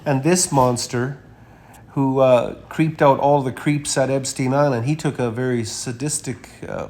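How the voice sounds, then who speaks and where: A man giving a rambling, emphatic monologue while walking through a slideshow of images, with frequent uh fillers and sudden loud stresses. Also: medium pitch. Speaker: commentator presenting images.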